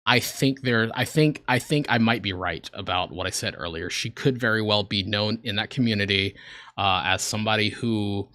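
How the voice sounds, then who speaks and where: A man's voice: on the low side, normal speed, sharp tone, no echo. An American man in his twenties or so, talking casually and earnestly while reacting to videos on a stream, sometimes rambling. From United States. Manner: earnest, rambling, emotional at times.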